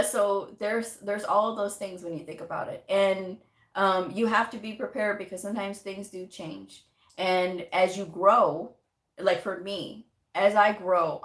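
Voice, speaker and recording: A woman giving a casual motivational talk to camera, chatty and animated, telling stories with quoted asides. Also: on the low side. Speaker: medical coding vlogger. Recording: echoey room.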